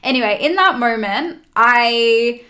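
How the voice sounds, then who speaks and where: A woman's voice: fairly high pitch, animated, unhurried, sharp tone. A young adult woman on a podcast, casually and animatedly telling a personal story, swearing freely and acting out her own dialogue. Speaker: podcast guest.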